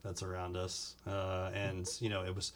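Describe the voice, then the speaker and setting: A man's voice: low voice, monotone, normal speed. A man co-hosting a casual podcast from a living room, easygoing and agreeable, often chiming in with short affirmations. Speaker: podcast co-host.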